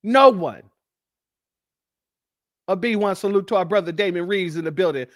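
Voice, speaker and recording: A man with a strikingly high voice delivers heated livestream commentary. He is combative and numbers off his points, in a dry, close sound with no room echo. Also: normal speed. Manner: combative, lists points one by one. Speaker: livestream host.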